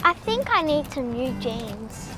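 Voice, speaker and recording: A man's voice: extremely high pitch, sing-song, slow, music in the background, voice pushed up, heavily acted. A man voicing a cheeky little grandchild who asks wide-eyed questions, on a stage show. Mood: playful.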